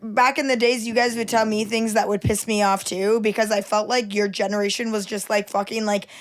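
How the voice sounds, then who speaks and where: A woman's voice: mid-range voice, level tone, brisk. A woman in her thirties hosting a podcast, blunt and opinionated in casual chat. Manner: blunt, opinionated, swears freely. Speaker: podcast host.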